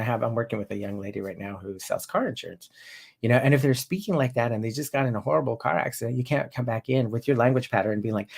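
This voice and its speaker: Middle-aged male coach, gravelly voice, loose and rambling teaching delivery with lots of restarts. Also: mid-range voice, brisk, darkish tone. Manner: rambling, with frequent restarts and tag questions. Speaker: NLP coach. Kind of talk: informal teaching talk.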